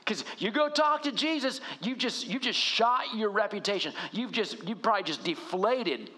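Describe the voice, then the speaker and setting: A middle-aged male pastor preaching in a conversational, animated way, often asking rhetorical questions. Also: high-pitched, normal speed. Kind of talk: sermon.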